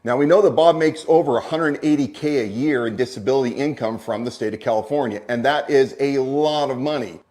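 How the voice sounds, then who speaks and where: A man making political commentary in a measured, concerned way. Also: mid-range voice, darkish tone.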